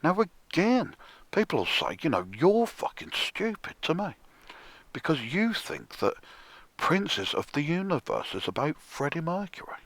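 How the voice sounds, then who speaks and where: Slow sardonic man, husky. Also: on the high side, big pitch swings, a bit bright, no room sound. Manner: sardonic, profane, slow and drawn out, often dropping to a whisper. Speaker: music commentator. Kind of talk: ranting monologue.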